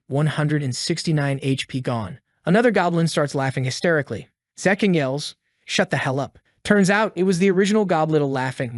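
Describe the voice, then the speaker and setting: A man's voice: on the high side, dry recording, studio quality. A man narrating a story recap in a casual, slangy storytelling manner.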